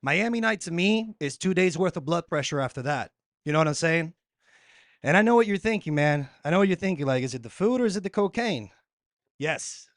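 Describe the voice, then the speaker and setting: A man's voice: on the high side, animated, fairly quick, no echo, studio quality. A man in his thirties, from Puerto Rico, doing a laid-back, chatty stand-up set at a comedy club. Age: 30s.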